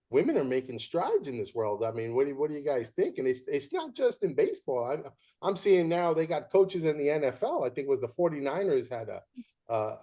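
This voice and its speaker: A man hosting a casual chat, an umpire telling lively stories and acting out what others said. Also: mid-range voice. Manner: animated storyteller who acts out quoted voices. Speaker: podcast host.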